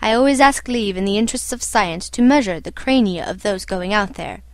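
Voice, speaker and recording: A woman's voice: medium pitch, lively intonation, fairly quick, no room sound, natural voice. A woman reading as an old eccentric doctor. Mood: calm, detached. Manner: matter-of-fact, imperturbable. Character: old eccentric foreign male doctor, calm and odd. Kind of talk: audiobook character reading.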